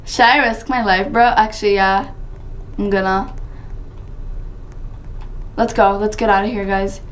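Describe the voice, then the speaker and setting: A woman playing a video game and commenting live to her viewers, chatty and excitable, gasping and shrieking when startled. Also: medium pitch, a little slow, muffled recording, background noise. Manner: chatty, talks to viewers as "guys". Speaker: gaming channel host.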